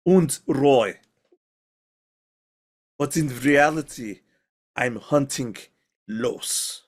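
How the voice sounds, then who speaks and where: A man's voice: medium pitch, close to an everyday voice. A man doing a boastful action-hero vampire hunter. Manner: stilted, boastful.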